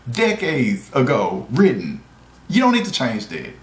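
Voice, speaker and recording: A man ranting in a video review, exasperated and animated, laughing often as he complains. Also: mid-range voice, measured pace, echoey room.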